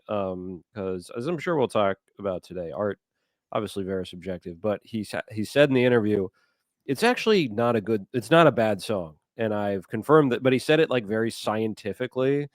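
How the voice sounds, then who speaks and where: Rambling man, low dry voice. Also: animated, a little fast, no room sound. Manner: rambling, hesitant, many fillers. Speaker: podcast co-host. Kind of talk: casual chat.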